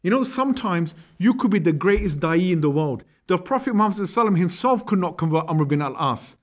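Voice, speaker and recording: A man's voice: sits high, fast. A man giving a storytelling religious history lecture, conversational and acting out quotes. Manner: lively, conversational, acts out quotes.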